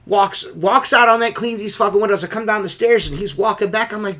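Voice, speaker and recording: A man hosting a podcast, telling stories in a profane, animated casual chat. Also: sits high, a little fast. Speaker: podcast host.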